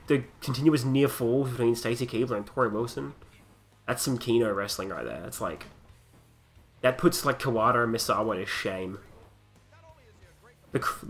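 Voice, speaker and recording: A young Australian man casually commentating a wrestling video game, joking crudely and breaking into excited wrestling calls. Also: medium pitch. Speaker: gaming commentator. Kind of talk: casual let's play commentary.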